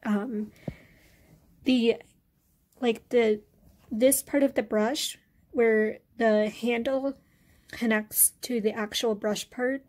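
A woman vlogger talks through her beauty products at an easy, unhurried pace. Her voice sits a little high, and she pauses often with fillers as she goes. It sounds like a relaxed chat at home. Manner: relaxed, hesitant, many fillers. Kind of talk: casual product review.

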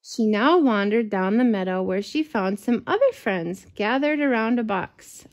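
A woman reading a picture book aloud to a child, gentle and expressive, with chatty asides. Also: mid-range voice, measured pace, hardly any pauses, muffled recording. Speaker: storyteller for children. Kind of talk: read-aloud storytelling to a child.

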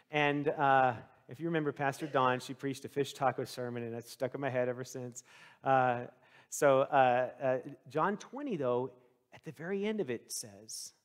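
A male pastor preaching a sermon, telling the story with lively swings into the voices of the people in it. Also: medium pitch. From Texas.

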